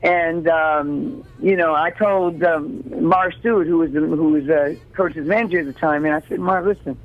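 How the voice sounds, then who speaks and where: A woman in her sixties from Chicago, telling stories as an interview guest in an animated, chatty way and often repeating words as she starts a sentence. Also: low-pitched, normal speed. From South Side Chicago. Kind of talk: casual storytelling. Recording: phone-like narrow sound.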